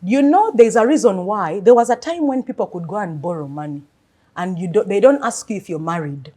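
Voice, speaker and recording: Female financial coach, husky, earnest interview delivery. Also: medium pitch, a little fast. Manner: earnest, animated storytelling. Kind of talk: interview advice talk.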